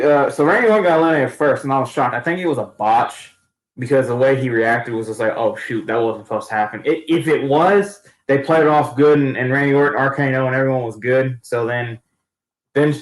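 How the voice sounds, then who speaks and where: A man's voice: medium pitch, a little fast. A man giving a casual, rambling recap of a wrestling event, talking in slang and often restarting his sentences. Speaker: wrestling fan vlogger. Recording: echoey room.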